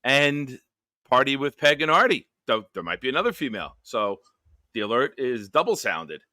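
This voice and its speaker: A man's voice: mid-range voice, sing-song, normal speed, sharp tone, dry recording, clean studio sound. A man hosting a casual live stream show, greeting viewers one by one with jokes and upbeat energy. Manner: jokey, upbeat roll call of viewers. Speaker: show host.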